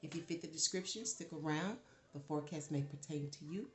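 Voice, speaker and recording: A fairly low-voiced woman talks through a tarot reading in a loose, chatty way. She gets animated and swears freely when worked up, and her voice rings in an echoey room. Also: a little fast. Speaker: tarot reader.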